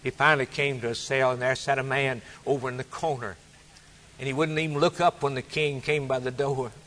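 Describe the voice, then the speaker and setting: Man preaching a sermon, emphatic, repetitive, loud-soft swings. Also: medium pitch, flat delivery, brisk, a little hiss or hum.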